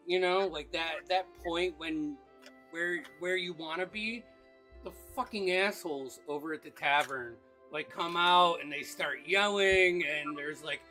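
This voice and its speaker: A man's voice: high voice, sharp tone, poor audio. A man running a tabletop game as game master, describing scenes in a rambling way.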